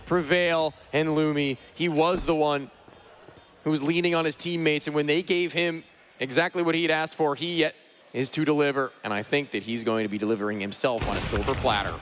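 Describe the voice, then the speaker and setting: A man's voice: a little high, fairly even intonation, fairly quick, a bit bright, a little hiss or hum. A man doing dramatic play-by-play commentary on an esports match at a live event. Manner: dramatic, emphatic play calls.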